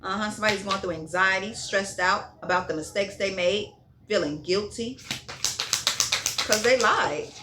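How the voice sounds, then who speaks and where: A woman's voice: medium pitch, fairly quick, heavy background noise. A woman giving a casual tarot reading in a blunt, profane way, repeating herself and checking in with "okay?". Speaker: tarot reader.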